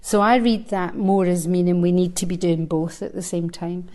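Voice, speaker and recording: A woman's voice: lowish voice, little pitch movement, moderate pace, a little mellow. A woman in her sixties, a Buddhist teacher, giving a dharma talk to a live group at a centre. She talks conversationally with light humor, thinking aloud between verses she reads out.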